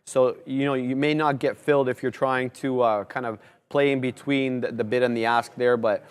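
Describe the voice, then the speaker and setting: A man's voice: medium pitch, fairly even intonation, normal speed, clean tone. A man co-hosting a live trading show, steadily explaining trades and chart setups.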